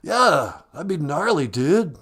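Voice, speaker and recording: A man voicing a mellow male movie star caller who drawls surfer slang like dude and gnarly. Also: fairly high pitch, big pitch swings, takes it slowly, husky, full character voice. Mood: easygoing.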